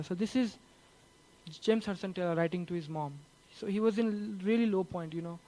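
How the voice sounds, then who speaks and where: A man giving a conversational sermon, often saying "you know" between thoughts and slowing down to read a letter with earnest weight. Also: high-pitched, dark tone, low-quality recording. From Nepal. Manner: slow, earnest reading of a quoted letter. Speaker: preacher. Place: church.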